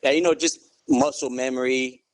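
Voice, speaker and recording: A middle-aged man, a guest in an interview, telling his story in a relaxed, good-humored way and saying "you know" often. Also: medium pitch, normal speed, no room sound. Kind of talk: casual interview.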